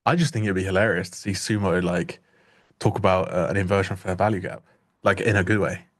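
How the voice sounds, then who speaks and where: A man's voice: sits low, fairly even intonation, brisk, a bit bright. A young man co-hosting a live trading stream, chatting casually and jokingly, often restarting his sentences. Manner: joking, rambling, self-interrupting. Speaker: livestream trading co-host.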